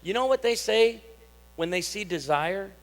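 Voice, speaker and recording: A man in his thirties with a high, light voice preaches with a drawl, swinging into lively storytelling as he acts out family dialogue. His sermon carries through a church hall with a long, lingering reverb. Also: normal speed. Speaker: pastor. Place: church sanctuary.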